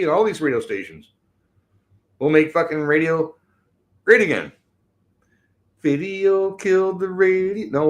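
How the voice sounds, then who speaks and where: A mid-pitched man holds forth in an angry, profane rant. His voice spikes into loud bursts, then drops to low mutters. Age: 50s. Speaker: show host.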